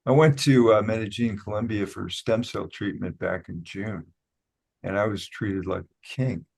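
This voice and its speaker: An older man with a fairly low voice chats in an easygoing, talkative way. His voice sounds dry and close, with no room around it. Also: steady tone, moderate pace, creaky, a little mellow, breathy edge, dry recording. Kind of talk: casual chat.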